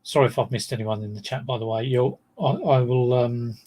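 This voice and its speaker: A man's voice: mid-range voice, fairly quick, dark tone. A middle-aged man chatting casually on a livestream as a reseller, rambling and self-deprecating.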